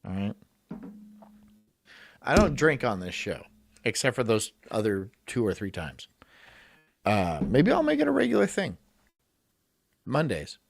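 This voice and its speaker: A man's voice: lowish voice, huge pitch swings, unhurried, gravelly, long pauses, dry recording, clean studio sound. A man hosting a live stream, rambling crudely, swearing and reading chat aloud while drinking shots.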